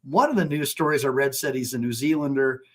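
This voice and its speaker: Rambling American lawyer hosting a livestream. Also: male voice, mid-range voice, fairly quick, fairly bright tone. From United States. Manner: rambling, with frequent restarts. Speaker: attorney and livestream host. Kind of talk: casual livestream talk.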